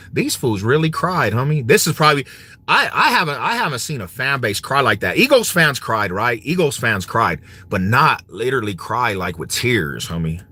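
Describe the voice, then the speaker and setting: A man's voice: medium pitch, bright, forceful tone, slightly rough. A man ranting in a casual vlog, mocking and swaggering, full of slang and frequent laughs. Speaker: vlogger. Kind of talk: casual trash-talking rant.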